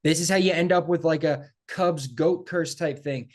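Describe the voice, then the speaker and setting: A man co-hosting a casual sports podcast, talking in an animated, emphatic way and repeating phrases for effect. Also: a little high, moderate pace. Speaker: podcast co-host.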